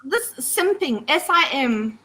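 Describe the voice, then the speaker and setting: A woman's voice: high-pitched, sing-song, slow pace, sharp tone, poor audio. An Australian woman co-hosting a casual livestream chat, explaining slang between laughs. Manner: laughing, chatty slang talk. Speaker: co-host.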